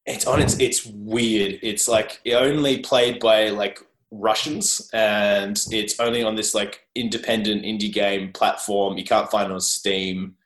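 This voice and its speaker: A man's voice: on the low side, little pitch movement, a little slow, few pauses, a bit bright. A man with an Australian accent, a guest in a casual interview, joking about himself and rambling with restarts. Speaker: guest, journalist. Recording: roomy echo.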